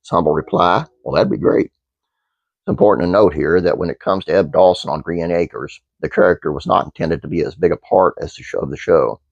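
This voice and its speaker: A man's voice: low voice, a little fast, creaky, no room sound, highs cut off. A man hosting his own channel, reading a trivia script aloud with fillers and restarts, then chatting casually to viewers. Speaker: channel host.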